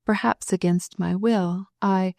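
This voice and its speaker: A woman reading the part of a young noblewoman who speaks quickly and tearfully in an audiobook. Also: medium pitch, fairly even intonation, creaky, a little mellow, no echo, clean studio sound. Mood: confiding.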